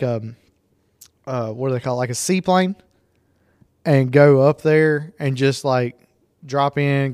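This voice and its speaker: A man's voice: medium pitch, a little mellow, clear, resonant tone, no echo, clean studio sound. A man, joking and teasing his friends on a casual podcast, with some fillers.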